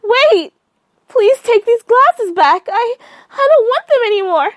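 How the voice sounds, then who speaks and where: A woman's voice: extremely high pitch, expressive, unhurried, no echo, voice pushed up. A woman voicing a terrified, furious woman who screams and strains her voice, reading a creepy story. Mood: screaming.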